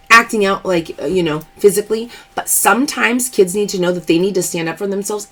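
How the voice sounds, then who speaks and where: A woman's voice: mid-range voice, fairly bright tone. Chatty woman hosting a live stream. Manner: chatty and emphatic, open about personal matters. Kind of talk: live stream chat, answering viewer comments.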